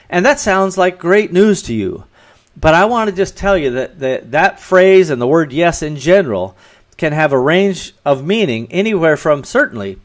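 A man's voice: on the high side, expressive, normal speed. A man hosting a podcast, giving earnest business advice in a solo talk and acting out bits of dialogue. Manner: earnest and advising, acts out dialogue in quotes. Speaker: podcast host.

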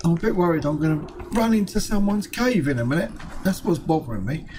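Male game host, casual running commentary, higher-pitched, mild swearing; noisy mix. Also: animated, fast talker. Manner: chatty, muttering to himself, swears lightly. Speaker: gaming video host.

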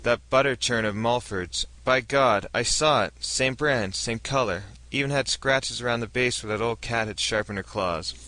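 A man's voice: mid-range voice, moderate pace, hardly any pauses, pushed and bright, close to an everyday voice. A male narrator voicing a weary, burly small-town sheriff who talks in a folksy, plain-spoken way.

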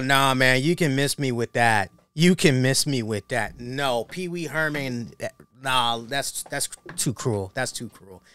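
A man's voice: mid-range voice, fairly bright tone, smooth, no room sound, studio quality. A man hosting a wrestling review show, giving casual commentary in a slangy, joking way.

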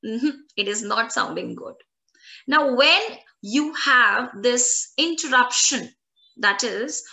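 A woman's voice: on the high side, pushed and bright. A woman teaching a French lesson in English, repeating each word several times so learners can copy her pronunciation. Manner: drills pronunciation by repeating words slowly. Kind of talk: language lesson.

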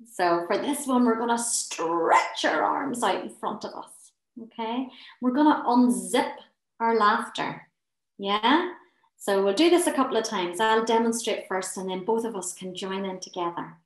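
A woman leading a guided laughter and relaxation session. She gives gentle, encouraging, soothing instructions. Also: on the high side, animated, unhurried, reverberant, poor audio. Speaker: wellness session leader.

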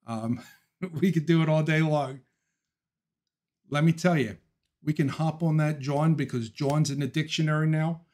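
Chatty opinionated Philly-raised livestream host. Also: male voice, a little high, steady tone, a little slow, pauses often, darkish tone. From Philadelphia. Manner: laughs often, opinionated ranting; talks through thoughts with frequent ums and restarts. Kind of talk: casual livestream chat, reading viewer comments.

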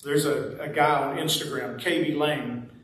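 A man's voice: a little high, steady tone, normal speed, a bit bright. A man preaching a sermon as pastor, folksy and conversational with playful asides. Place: church sanctuary. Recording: very echoey church sanctuary, mic at a distance.

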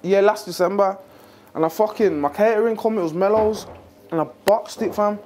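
Young rapper, high voice, animated backstage chat, light room noise. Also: male voice, moderate pace. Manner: slangy, animated, swearing freely. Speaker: rapper on tour.

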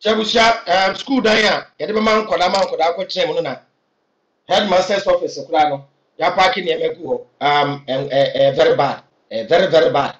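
A man's voice: on the high side, fairly even intonation, normal speed, fairly bright tone, echoey room, dull audio. A man with a Ghanaian accent giving earnest, urging opinions to camera, with hesitant fillers. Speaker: political commentator. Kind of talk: impassioned opinion vlog.

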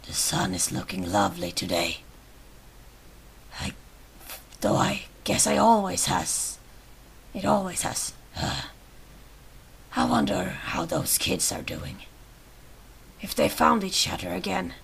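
A woman voicing a lonely character near the end of life, speaking slowly and wistfully in a game. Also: fairly low pitch, wildly swooping pitch, creaky, slightly rough, heavily acted.

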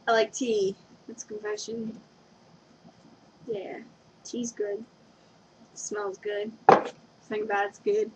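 A young woman vlogs from home in a casual confession video, rambling, giggly and scatterbrained, often losing her train of thought. Her medium-pitched voice has lively intonation, drawn-out words and frequent pauses. It's a dull lo-fi webcam recording with background noise.

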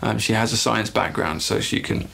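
A middle-aged man with an English accent, thinking aloud in a documentary interview. His voice sits low, with a gravelly fry. He circles back and restarts phrases as he searches for the right words. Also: normal speed, fairly bright tone. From England. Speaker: writer and father interviewed in a documentary.

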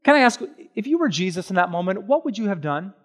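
A man preaching a sermon as pastor, animated and conversational, with slow, hushed stretches on solemn points. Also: sits high. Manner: animated and conversational, with everyday examples and quick asides.

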